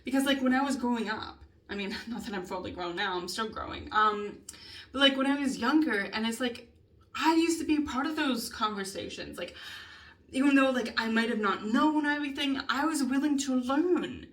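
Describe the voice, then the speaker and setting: A young woman talks through a casual video journal in a somewhat high voice. She rambles, leans on fillers, swears freely and breaks into laughs and sighs. She sits a little back from the microphone. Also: moderate pace. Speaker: vlogger. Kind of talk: casual spoken journal monologue. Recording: voice a bit far from mic.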